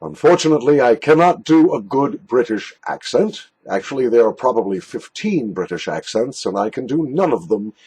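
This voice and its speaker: A man's voice: normal speed, few pauses, husky, rough recording. A man reviewing snuff in a casual, jokey, self-mocking monologue from a basement. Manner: jokey, self-mocking, lively pitch swings. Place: basement room.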